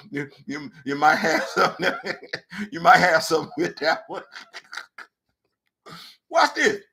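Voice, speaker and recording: A man hosting a talk show and telling a comedic story in an animated way, swinging from low mutters to loud outbursts and repeating phrases for emphasis. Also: slow pace, vocal fry, pauses often, husky. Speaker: podcast host.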